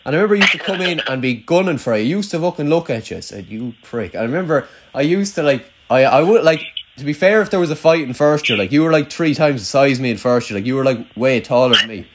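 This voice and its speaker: A man's voice: a little high, animated, fast, noisy background. Rambling sweary young Irish man. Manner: rambling, sweary, self-mocking storytelling. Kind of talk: casual banter with an old schoolmate.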